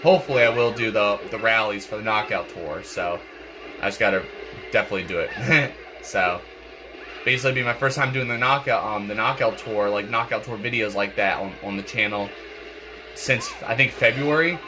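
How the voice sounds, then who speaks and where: With a lowish voice at normal speed, a young man hosting a gaming channel rambles casually over gameplay, leaning on fillers and repeated words. He sounds congested and keeps clearing his throat while game music plays in the background.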